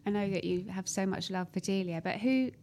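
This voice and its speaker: A woman's voice: medium pitch, a little fast, a little mellow. A woman hosting an interview, asking questions in an effusive, admiring way. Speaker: interview host. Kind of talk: casual interview chat.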